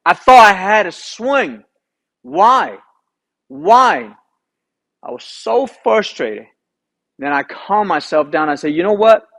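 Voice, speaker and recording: Slow, high-voiced man telling a golf story. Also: rough recording. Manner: animated, rhetorical questions, re-enacts his own thoughts. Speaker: golf instructor.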